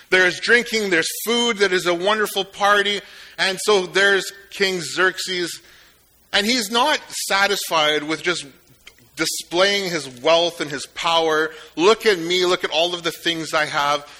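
A man preaching a sermon in a relaxed, conversational way, retelling a story with joking asides. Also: high-pitched. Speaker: pastor.

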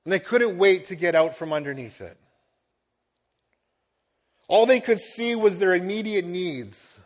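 Pastor, male, middle-aged, high-pitched, earnest sermon delivery. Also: unhurried.

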